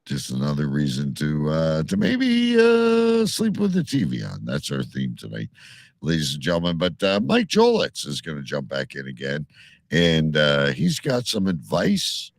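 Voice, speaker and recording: A man with a very deep, gravelly voice hosts a live comedy show. His pitch swoops widely as he drawls out introductions. The sound is dry and close. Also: huge pitch swings, dry recording. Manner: playful, drawn-out announcing. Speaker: show host.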